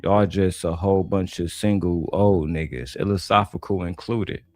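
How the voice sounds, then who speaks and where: A man's voice: low-pitched, fairly even intonation, normal speed, darkish tone, dry recording, soft background music. A man from Detroit giving blunt, mocking, heavily profane reaction commentary on a panel clip. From Detroit, USA.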